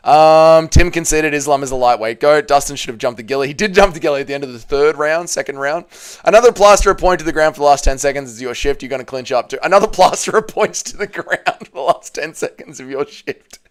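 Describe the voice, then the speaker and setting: With a clear, resonant, fairly bright voice, this man runs a laid-back livestream and reads chat messages out loud. Emotional and prone to swearing and repeating himself, he rises in pitch whenever something upsets him.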